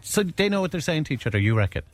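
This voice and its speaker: A man's voice: fairly high pitch, rapid-fire. A man co-hosting a radio show, telling jokes and rambling through playful questions. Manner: jokey, rambling, animated questioning. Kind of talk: casual radio banter.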